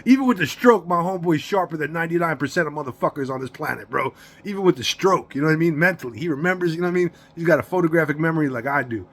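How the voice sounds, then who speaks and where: Racing along with hardly any pauses, a vlogger in his forties pours out a profane, rambling confession about his past in a fairly high, bright voice. He repeats words, laughs between lines, and drops "you know what I mean" often.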